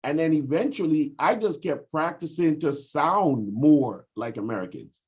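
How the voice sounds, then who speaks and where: A man from the US Virgin Islands talks on a video call, his voice sitting a bit higher than most men's and coming through slightly husky. He is reflective, working through his points at length and pausing on fillers as he goes. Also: expressive, a little mellow. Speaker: discussion group member. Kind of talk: casual group discussion.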